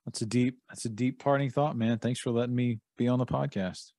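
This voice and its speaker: A man's voice: mid-range voice, steady tone, a little fast, dark tone, no echo, studio quality. A man who is a guest on a podcast, chatting casually and answering in short, easygoing remarks.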